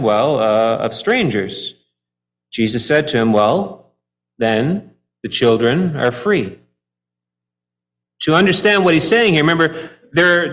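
A man preaching a sermon, walking through scripture verse by verse, his delivery swinging from soft, drawn-out phrases to emphatic rises. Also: on the high side. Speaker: pastor.

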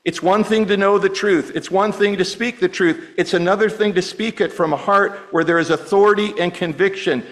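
A man's voice: high voice, fairly even intonation, brisk, hardly any pauses, low-quality recording. A middle-aged man preaching a sermon as pastor, conversational and often repeating words as he restarts.

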